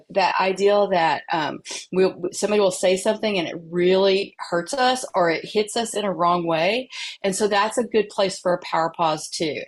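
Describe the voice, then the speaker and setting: A woman who works as a mental health therapist, presenting a workplace training in a conversational way, with everyday stories and the odd filler. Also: fairly low pitch.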